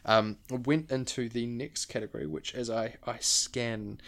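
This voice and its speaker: A man's voice: medium pitch, a little slow. A man co-hosting a podcast, rambling enthusiastically through award categories in casual chat, with many fillers. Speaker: podcast co-host.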